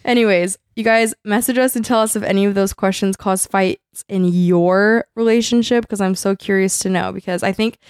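A woman's voice: mid-range voice, fairly even intonation, moderate pace, hardly any pauses, darkish tone, clean tone, no echo, studio quality. A woman co-hosting a podcast, teasing her partner and laughing often. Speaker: podcast co-host. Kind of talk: casual chat.

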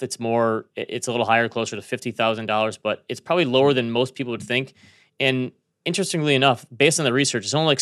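Man, podcast host, casual chat, quick delivery, dry sound. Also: mid-range voice, fairly bright tone, dry recording. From United States. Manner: fast, chatty, self-deprecating.

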